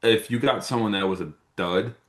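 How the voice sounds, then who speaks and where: A young adult man co-hosting a podcast, chatting about a film in an animated, jokey way. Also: lowish voice, moderate pace. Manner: animated, jokey, breaks into silly voices. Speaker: podcast co-host. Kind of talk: casual film review chat.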